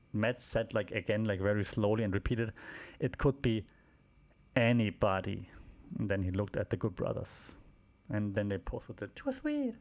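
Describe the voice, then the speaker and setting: A man's voice: medium pitch, darkish tone. A man hosting a wrestling podcast, recapping shows in a casual, rambling way with many fillers, restarts and wry asides.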